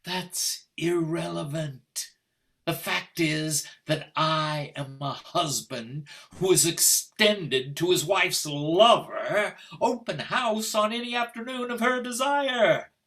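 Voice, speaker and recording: A man's voice: fairly high pitch, slow, fairly bright tone. An older man playing a cold, formal husband, on a video call, speaking with precise diction and sarcastic menace. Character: stiff, icy English husband Richard, middle-aged. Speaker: stage actor. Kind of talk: stage play reading over video call.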